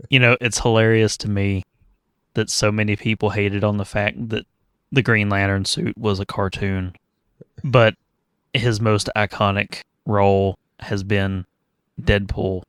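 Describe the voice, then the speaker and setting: A man's voice: on the low side, flat delivery, unhurried, fairly bright tone, clean tone, dry recording. A man co-hosting a podcast, chatting casually about a movie with wry, analytical humor. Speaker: podcast co-host. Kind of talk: casual movie review chat.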